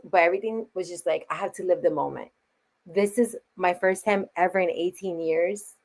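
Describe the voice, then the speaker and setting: A woman being interviewed as a guest, talking casually and eagerly, laughing often and filling with "like". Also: lowish voice. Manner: enthusiastic, laughs often, fills with "like". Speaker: interview guest, wrestling fan.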